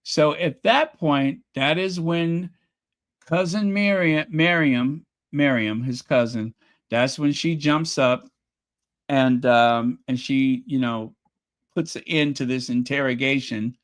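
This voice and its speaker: A man casually recapping a period drama episode, telling the story with animated asides and playing out the characters' lines. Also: slow. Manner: animated storytelling, acts out quotes with rising pitch. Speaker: show reviewer.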